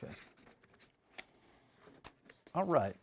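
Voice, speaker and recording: A man telling a casual, profane anecdote and reading his fiction aloud to an audience. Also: drawn-out words. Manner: casual, profane and self-mocking, laughs at his own stories.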